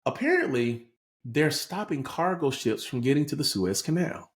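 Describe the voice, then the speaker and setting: A man with a medium-pitched, sing-song voice co-hosts a podcast at a normal pace. He chats casually about politics, explaining current events and often checking in with "right?".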